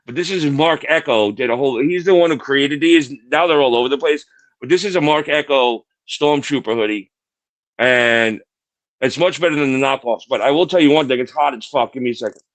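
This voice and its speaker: A man's voice: a little high, normal speed, a bit bright, dry recording. A man co-hosting a podcast, telling a long story in a rambling way, repeating words and swearing freely. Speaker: podcast co-host. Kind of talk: casual chat.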